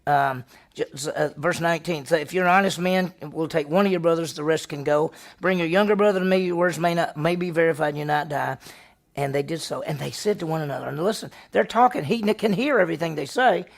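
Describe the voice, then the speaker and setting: A man, a pastor, teaching a Bible study class, reading scripture aloud and quizzing his listeners with lively questions. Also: a little high, quick pace, gravelly.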